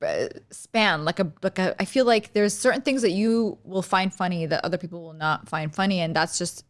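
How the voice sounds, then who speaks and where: A woman interviewing a guest in a casual chat, asking quick questions loosely with plenty of filler words. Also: on the low side.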